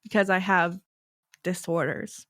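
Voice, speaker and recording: A woman co-hosting a podcast, chatting casually with short, low-key replies. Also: steady tone, unhurried, fairly bright tone, no echo. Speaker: podcast co-host. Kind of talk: casual chat.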